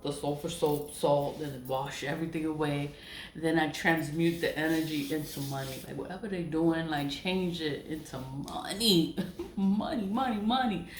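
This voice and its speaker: Low-voiced woman ranting in a roomy space. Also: a little hiss or hum. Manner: repetitive, emphatic, swearing, trailing off with soft laughs. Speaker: spiritual vlogger. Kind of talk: rambling personal monologue. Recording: roomy echo.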